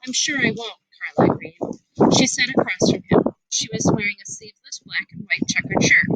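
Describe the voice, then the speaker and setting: A woman reading a children's novel aloud outdoors in the wind, animated and giving the characters voices. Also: high-pitched, a little fast, vocal fry, low-quality recording. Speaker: reader. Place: outdoors, windy.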